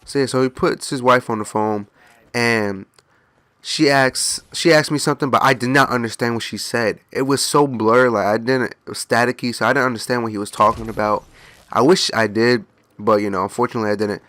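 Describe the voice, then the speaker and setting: A man's voice: mid-range voice, fairly even intonation, fairly quick, a bit bright, no echo. A young man casually telling a rambling story, slipping into quoted voices along the way. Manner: rambling, laid-back anecdote with mock voices. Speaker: gaming channel host.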